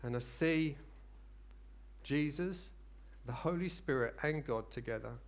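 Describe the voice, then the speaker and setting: A man preaches with a notably high voice. He speaks earnestly and loosely, circling back on himself, and builds toward fervent, excited proclamation. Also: a little slow. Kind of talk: sermon.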